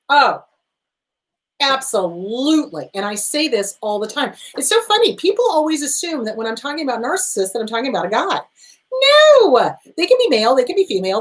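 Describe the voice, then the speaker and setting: Woman, therapist host, higher pitch, emphatic, animated, direct, middle-aged. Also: low-quality recording. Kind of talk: advice show answering viewer questions.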